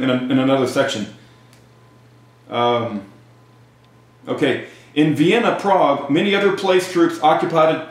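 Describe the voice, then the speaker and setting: A man talking in a halting casual monologue full of fillers and restarts, and at times reading aloud from a text. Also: mid-range voice. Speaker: video commentator. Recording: very echoey room.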